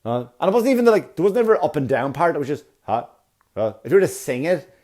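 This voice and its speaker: A man's voice: a little high, big pitch swings, normal speed, darkish tone. A man hosting a solo comedy podcast, ranting with exasperated profanity and mocking little quoted voices. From Ireland. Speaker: podcast host.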